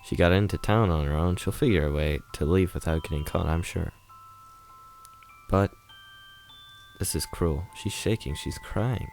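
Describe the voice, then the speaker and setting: A man reading a visual novel aloud as a gentle, warm-hearted young girl narrator, in a soft, earnest inner monologue. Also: low voice, unhurried, gravelly, pauses often, soft background music.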